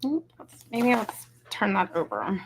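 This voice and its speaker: A woman's voice: medium pitch, very animated, slow, a little hiss or hum. A woman, chatting casually and rambling as she hosts a craft tutorial. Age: 40s. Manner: chatty, rambling, says "y'all" and "you guys". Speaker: craft video host.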